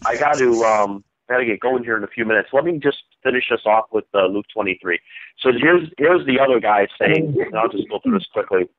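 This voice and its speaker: A man's voice: medium pitch, expressive, fairly quick, a bit bright, no room sound. Man leading a casual Bible chat. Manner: questioning, prompts listeners for answers. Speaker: host leading a Bible study. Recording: dull, dry lo-fi sound.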